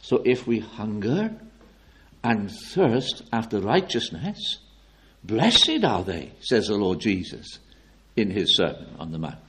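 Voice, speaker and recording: A man preaching a sermon with fervent, declamatory delivery, swinging from loud emphatic peaks to low, quiet appeals. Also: wildly swooping pitch, slow pace.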